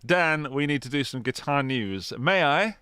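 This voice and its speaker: A man's voice: a little high, lively intonation, measured pace, bright, forceful tone, clean tone, no room sound. A man co-hosting a podcast in casual chat, chatty and enthusiastic, speaking into a studio podcast mic. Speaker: podcast co-host.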